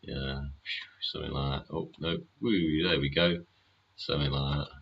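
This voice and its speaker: A man's voice: rumbling low, steady tone, moderate pace, husky, highs cut off. A man hosting a live stream, chatting casually and sardonically, swearing often and asking rhetorical questions. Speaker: livestream host.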